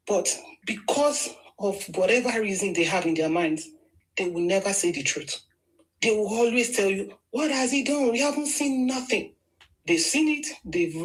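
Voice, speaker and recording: Nigerian-accented woman, mid-pitched, opinionated political commentator, emphatic and repetitive. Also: low-quality recording. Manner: emphatic, argumentative, repeats phrases for stress.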